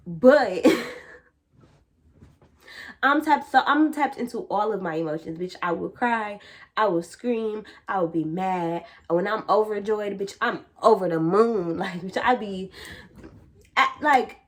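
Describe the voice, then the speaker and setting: A young woman talks straight to her viewers in a loose spiritual chat. Her delivery is blunt and animated, with plenty of swearing and slang dropped in as filler. Her voice sits at an ordinary pitch for a woman. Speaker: vlogger and tarot reader. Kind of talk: casual spiritual chat to camera.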